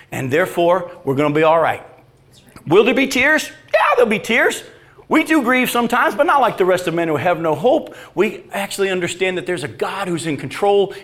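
High-voiced man preaching a sermon. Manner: animated preaching, rhetorical questions, acts out quoted voices. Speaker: pastor.

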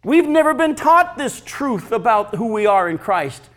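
A man in his fifties preaching with a high, lively voice that rises and falls widely. He presses his points emphatically and slips easily into personal stories for his congregation. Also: a little slow. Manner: emphatic, animated preaching with storytelling. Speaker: pastor. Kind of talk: sermon.

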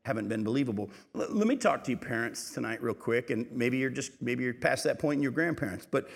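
A middle-aged man preaching a sermon as pastor, emphatic and building to loud peaks. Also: mid-range voice, lively intonation, fairly quick, gravelly. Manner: emphatic, rising to shouts in stories. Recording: long hall reverb.

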